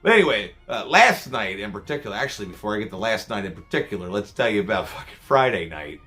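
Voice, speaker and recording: In a vlog told straight to camera, a man rambles through profane, self-mocking stories about working as a scare actor. His voice is on the low side, very animated and quick, with a bright, forceful tone. Faint music plays behind him.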